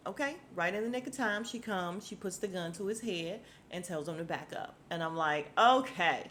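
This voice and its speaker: A woman's voice: lowish voice, brisk, fairly bright tone, a little hiss or hum. A woman hosting a podcast, recapping a TV episode in a casual, slangy way, acting out the characters' lines and laughing often.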